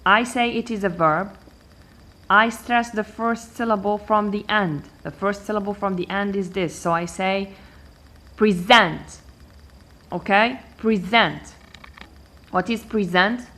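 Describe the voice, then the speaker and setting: A woman teaching an English lesson, explaining slowly and patiently and repeating key words. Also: mid-range voice, fairly even intonation, sharp tone. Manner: patient and repetitive, switching between English, Arabic and French. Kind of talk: language lesson explaining word stress.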